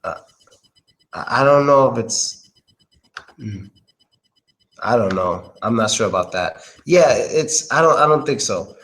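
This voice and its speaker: A man's voice: mid-range voice, lively intonation, a little slow, pauses often, fairly bright tone, a little hiss or hum, rough recording. A man giving a casual pronunciation lesson, thinking aloud and often hesitating. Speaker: English pronunciation tutor.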